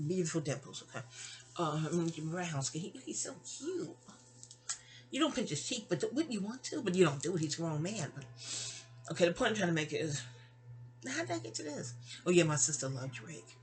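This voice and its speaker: A woman's voice: sits low, expressive, fairly quick. A middle-aged woman chats into her phone at home, telling a long personal story. She wanders off on tangents and keeps circling back to her point with casual asides. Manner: rambling, digressive and chatty, with asides. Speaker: vlogger.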